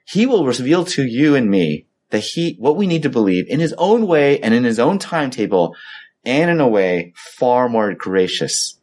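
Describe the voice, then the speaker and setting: A man preaching a sermon in a conversational, storytelling way, acting out the quoted exchanges. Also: medium pitch. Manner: conversational storytelling, animated when quoting himself. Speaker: pastor.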